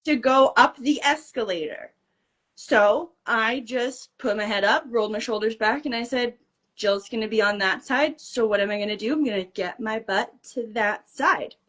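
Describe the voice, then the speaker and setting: Animated woman guest telling a story. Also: fairly high pitch, moderate pace. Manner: animated, acts out dialogue. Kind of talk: casual storytelling.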